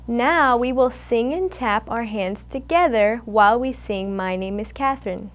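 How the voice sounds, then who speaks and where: A young woman acting as a student speech clinician. She demonstrates a therapy session, coaching patiently and praising each try. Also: a little high. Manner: patient, coaching, gives quick bright praise.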